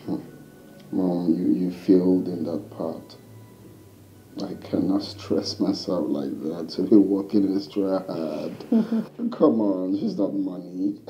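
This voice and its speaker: A cocky young prince, muffled and roomy. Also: male voice, low voice, animated, takes it slowly, soft background music. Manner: cocky, dismissive, laughing. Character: cocky young prince talking to his mother. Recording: muffled, roomy film audio.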